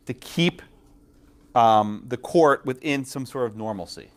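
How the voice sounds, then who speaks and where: A man lecturing a law class, quizzing students and tagging points with quick questions. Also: medium pitch, smooth. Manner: lively, quizzes students, frequent tag questions. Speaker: law professor.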